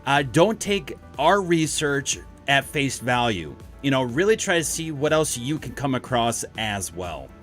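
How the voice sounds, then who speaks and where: A man's voice: mid-range voice, very animated, measured pace, hardly any pauses, a bit bright, soft background music. A young man co-hosting a podcast in casual chat, joking and teasing, slipping into funny voices to mimic people. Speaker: podcast co-host.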